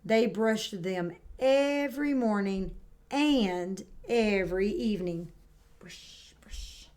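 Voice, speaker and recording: A woman teaching kindergarten and reading a picture book aloud, who models words clearly and praises the children warmly. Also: mid-range voice, lively intonation, slow. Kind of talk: read-aloud lesson for young children. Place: home, indoors.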